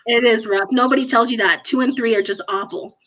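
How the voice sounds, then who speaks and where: A woman's voice: a little high, a little fast, muffled recording, slight background noise. A woman chatting as an interview guest, telling stories with a laugh. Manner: laughing, animated storyteller. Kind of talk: casual chat.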